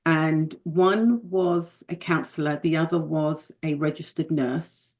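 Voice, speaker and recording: Middle-aged British woman guest, gravelly low voice, candid reflective storyteller. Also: steady tone, takes it slowly, a little mellow. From United Kingdom. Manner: reflective, candid, with faith remarks. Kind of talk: personal storytelling in conversation.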